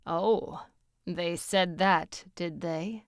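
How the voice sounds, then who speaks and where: A woman's voice: on the low side, fairly even intonation, extremely slow, clean tone, no room sound, studio quality. A woman voicing a rich man stuck on an awkward date, speaking politely and hesitantly. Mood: uneasy.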